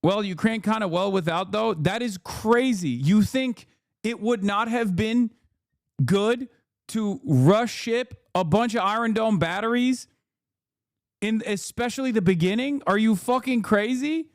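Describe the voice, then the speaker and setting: A man in his thirties rants through news stories on a live stream, sarcastic and quick to swear. His voice sits a little high for a man, and the mic sounds dry and close, with no room echo. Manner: profane, sarcastic, heated ranting. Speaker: political commentator streaming. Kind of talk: casual live-stream commentary reacting to news.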